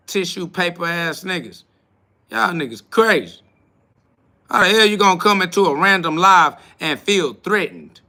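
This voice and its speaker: A man talking straight to his livestream chat with a blunt, profane, confrontational edge. His voice sits a little high and sounds bright and forceful. He swings from loud outbursts down to low mutters. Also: expressive, moderate pace. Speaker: livestream host. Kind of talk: casual livestream rant to chat.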